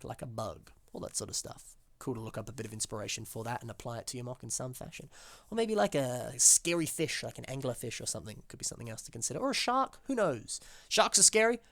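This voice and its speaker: A man's voice: medium pitch, vocal fry, no echo. A man from Australia with an Australian accent, hosting and chatting enthusiastically about builds in casual commentary, with plenty of fillers. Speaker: host reviewing fan-built models.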